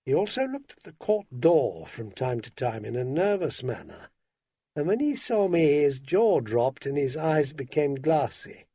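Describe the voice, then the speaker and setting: A man's voice: a little high, big pitch swings, a little slow, mellow, slightly rough, dry recording. A man narrating an audiobook in a dry, wry first-person manner.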